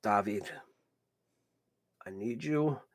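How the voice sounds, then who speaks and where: A man's voice: on the low side, heavily acted. A man doing a forgetful old grandpa. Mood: gentle. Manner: halting, gentle, trails off.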